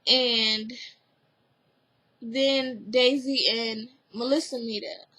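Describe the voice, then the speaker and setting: A woman's voice: high-pitched, steady tone, extremely slow, pauses often, a bit bright, poor audio. A woman giving a casual spoken recap of a TV episode, rambling with lots of "like" and "you know", earnest and emotionally open. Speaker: TV recap vlogger.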